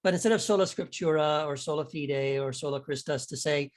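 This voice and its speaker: A man's voice: fairly high pitch, brisk. A man talking as an author guest in a casual interview, candid and rambling, self-deprecating, often laughing.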